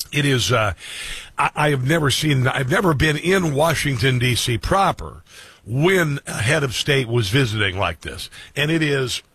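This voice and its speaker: A man's voice: mid-range voice, vocal fry, fairly bright tone, husky, dry recording. A man hosting a talk radio show, delivering a combative, rambling monologue full of ums and uhs.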